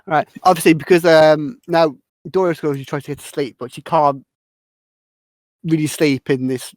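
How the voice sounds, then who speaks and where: A man's voice: a little high, steady tone, moderate pace, darkish tone, no echo. A young British man hosting a casual podcast, recapping a movie in a rambling way with lots of fillers. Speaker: podcast host.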